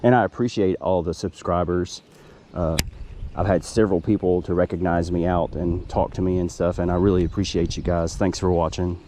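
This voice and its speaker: A man's voice: sits low, steady tone, fairly quick, mellow, slight background noise. A man talking casually to the camera while kayak fishing on a river outdoors, chatty and self-deprecating. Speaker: fishing vlogger. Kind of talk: casual outdoor vlog narration.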